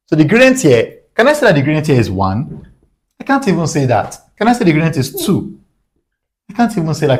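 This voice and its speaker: Animated man teaching math. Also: medium pitch. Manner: animated, asks rhetorical questions and answers them. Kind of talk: whiteboard math lesson.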